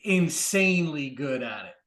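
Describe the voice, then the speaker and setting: A man's voice: fairly high pitch, expressive, moderate pace, a bit bright. A man speaking as a podcast guest, giving emphatic, motivational advice in casual conversation. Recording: echoey room.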